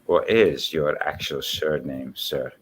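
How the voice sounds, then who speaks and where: A man from the Netherlands chatting casually on a stream, rambling and joking with big swings in pitch. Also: slow pace, husky. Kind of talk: casual chat.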